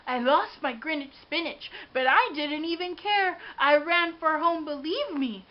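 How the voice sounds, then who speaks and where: A woman giving an expressive, dramatic read-aloud of a children's storybook. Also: sits high, measured pace. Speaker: storybook reader. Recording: dull lo-fi with faint hiss.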